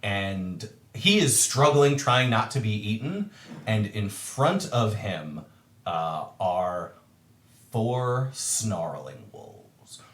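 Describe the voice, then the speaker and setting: A man in an echoey room narrates a tabletop game as its game master. He talks slowly and keeps stopping on ums and uhs, but his low voice swings widely as he describes the scene. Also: expressive, a bit bright, slight background noise. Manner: halting, many ums and uhs.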